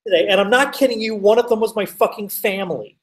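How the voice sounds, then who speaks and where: A man telling a story as a guest, animated, full of fillers and swearing. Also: sits high, fast talker, recorded from a distance, low-quality recording. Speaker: podcast guest. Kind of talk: casual storytelling.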